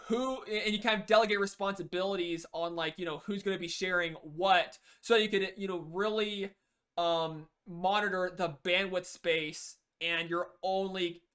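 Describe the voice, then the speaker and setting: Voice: medium pitch, fairly even intonation, normal speed, fairly bright tone, clear, resonant tone. A coach talking through team play in a loose, unscripted way. Sentences often restart, and "you know" fills the gaps. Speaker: game coach. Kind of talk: casual spoken lesson.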